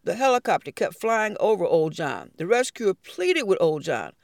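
A woman storyteller telling a folk fable in an expressive, drawn-out way. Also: mid-range voice, no room sound, studio quality.

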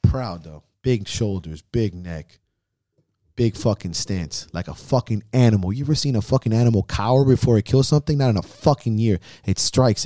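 A man's voice: lowish voice, mellow, no room sound, studio quality. A man hosting a podcast, giving a heavily profane, intense motivational pep talk in a casual chat. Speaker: podcast host.

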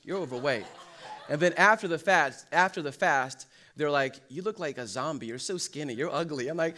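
In a church hall, a young male pastor preaches a sermon with plenty of energy, telling funny stories and acting out the quotes and jokes. His voice is fairly high and his pace moderate.

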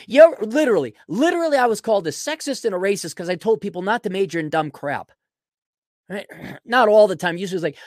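A man hosting a podcast, delivering a blunt, mocking solo rant and often clearing his throat. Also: sits high, lively intonation, quick pace, no echo, clean studio sound. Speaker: podcast host. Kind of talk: ranting solo commentary.

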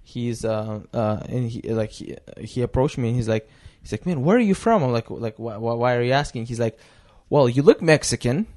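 A man from Russia with a Russian accent, co-hosting a casual podcast in a halting, restart-heavy way. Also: mid-range voice, fairly even intonation, darkish tone. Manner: halting, many restarts, slow storytelling. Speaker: podcast co-host.

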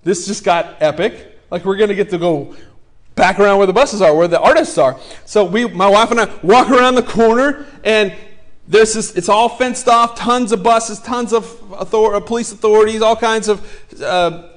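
High-voiced pastor guy in his 40s, animated, jokey, acts out his story. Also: normal speed. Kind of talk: sermon storytelling.

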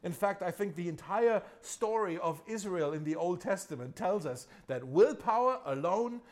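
A man's voice: sits high, lively intonation, moderate pace, a little mellow. A male pastor delivering a conversational sermon, repeating key phrases and chuckling at himself now and then.

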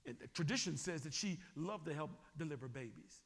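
A man preaching a sermon as a bishop, animated and often asking the congregation whether they are still with him. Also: a little high, fairly quick, long reverb tail.

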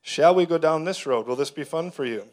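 Animated man preaching with stories. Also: a little high, brisk. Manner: animated storyteller who acts out dialogue. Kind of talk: sermon teaching.

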